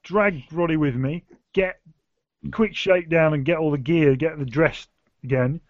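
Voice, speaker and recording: A man's voice: a little high, unhurried, dry recording. Male player, chatty and easygoing, dry lo-fi sound. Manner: chatty, laughs, declares actions plainly. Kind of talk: casual tabletop game play.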